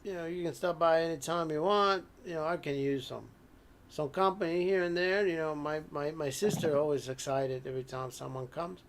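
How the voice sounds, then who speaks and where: A man's voice: a little high, fairly even intonation, normal speed, lightly acted. A man voicing an odd, overly friendly backwoods man who stammers and rambles in a tabletop horror game. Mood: eager.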